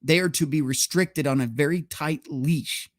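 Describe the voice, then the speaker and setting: A man's voice: on the high side, normal speed, dry recording, clean studio sound. A man hosting a solo livestream, ranting in a heated, profane and emphatic way and reading viewer chats. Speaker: livestream host.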